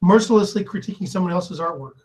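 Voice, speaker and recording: A man's voice: high-pitched, fast talker, a little mellow, rough recording. A man with a Texan American accent in casual group chat over a video call, joking and laughing often. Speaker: guest chatter on a live art stream.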